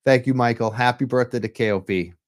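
A man's voice: mid-range voice, fairly quick. Impassioned man hosting a livestream. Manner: impassioned, urgent advocacy. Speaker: livestream show host. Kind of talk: live-streamed talk show. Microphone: computer mic while on webcam.

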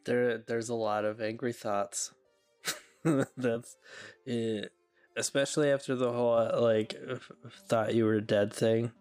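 Slow-talking smooth male player. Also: medium pitch, flat delivery, darkish tone, faint music behind. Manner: slow, casual banter.

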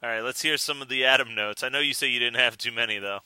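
A man's voice: medium pitch, quick pace, pushed and bright, smooth, no room sound. A man hosting a casual chat in an upbeat, enthusiastic way. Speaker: podcast host.

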